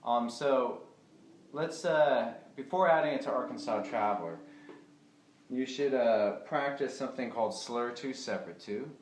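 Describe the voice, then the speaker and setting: A man giving a casual fiddle lesson, talking in a relaxed, chatty way with lots of fillers. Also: mid-range voice, unhurried, noisy background. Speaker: fiddle teacher. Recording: echoey room with fiddle playing.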